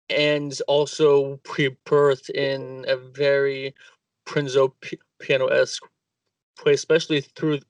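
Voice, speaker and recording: A man speaks slowly in casual talk, searching for words and tripping over them now and then. He sits a bit away from the mic in a dry, dead-sounding room. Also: mid-range voice, no room sound, distant mic. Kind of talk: casual conversation about architecture.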